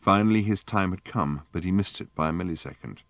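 A man with a very low, deep voice narrates a novel in a measured, dryly wry way. The recording is close and dry, with no room sound. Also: a bit bright, no room sound. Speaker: audiobook narrator. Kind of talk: scripted narration.

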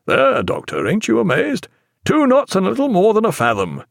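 A jovial captain of a sailing warship, all booming enthusiasm and old-fashioned turns of phrase, as a man puts him on in a story reading. His voice leaps up and down with animated energy. The sound is close and dry. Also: normal speed, dry recording. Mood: enthusiastic. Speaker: ship's captain.

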